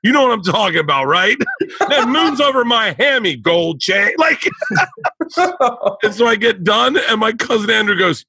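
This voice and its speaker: Husky, bright-voiced male storyteller. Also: extremely high pitch, measured pace, no room sound, low-quality recording. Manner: animated, profane, laughing storyteller. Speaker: comedian. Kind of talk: casual podcast storytelling.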